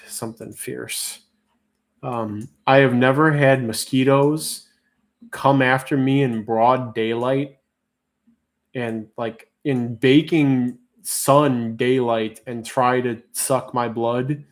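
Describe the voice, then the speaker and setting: A man of ordinary pitch runs a casual livestream auction from home, talking into a desk mic. He rambles and interrupts himself between lots, then stretches out each bid call slowly. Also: fairly even intonation. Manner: rambling, self-interrupting, drawn-out bid calls.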